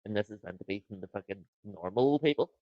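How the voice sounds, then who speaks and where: A man's voice: on the low side, lively intonation, quick pace, dry recording. A man co-hosting a casual podcast, rambling through crude anecdotes. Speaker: podcast co-host. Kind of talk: casual chat between mates. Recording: dull, dry lo-fi sound.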